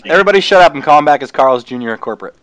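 A man's voice: fairly high pitch, lively intonation, rapid-fire, fairly bright tone. A man hosting prank calls, bossing his friends around with profane jokes. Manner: bossy, profane joking. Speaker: prank call host. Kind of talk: casual banter.

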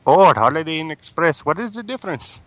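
A man's voice: a little high, very animated, a little fast, a bit bright, a little hiss or hum. Man putting on an Indian-accented indignant caller. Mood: polite, persistent. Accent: Indian, put on. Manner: plaintive, insistent, stiff formal phrasing. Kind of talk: prank phone call.

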